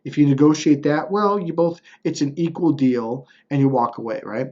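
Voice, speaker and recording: A man's voice: on the high side, moderate pace, dark tone, dull audio. Blunt, swearing man telling a story. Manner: blunt and profane, swearing freely; rambling, with restarts and frequent "right?". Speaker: motivational speaker. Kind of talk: casual personal storytelling.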